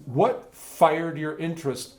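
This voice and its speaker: A man interviewing a school staff member, asking measured, prompting questions. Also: a little high, lively intonation, very noisy.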